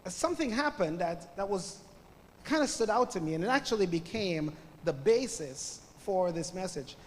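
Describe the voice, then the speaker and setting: A middle-aged man with a Jamaican accent preaching as a guest pastor, greeting the church loudly and telling a story with quiet moments. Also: high voice, lively intonation, normal speed. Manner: loud greeting, then storytelling with soft drops. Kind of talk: sermon. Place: church sanctuary. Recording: church hall reverb with faint ambience.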